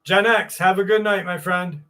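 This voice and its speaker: A man's voice: high voice, fairly even intonation, normal speed, bright, forceful tone. A man hosting a casual livestream, chatting loosely with viewers and cursing freely. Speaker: livestream host.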